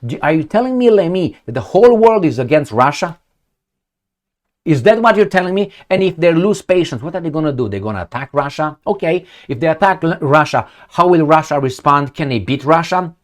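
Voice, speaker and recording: Blunt, sarcastic man with a lively voice. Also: a little high, a little fast. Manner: rambling, with searching fillers. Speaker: political commentary host. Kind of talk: opinionated solo commentary.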